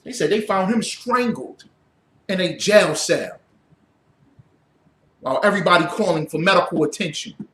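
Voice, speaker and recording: Fiery high-voiced male preacher, roomy echo. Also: animated, normal speed, pauses often. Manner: preaching, rising to shouts, blunt and profane. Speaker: religious teacher. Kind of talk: fiery sermon.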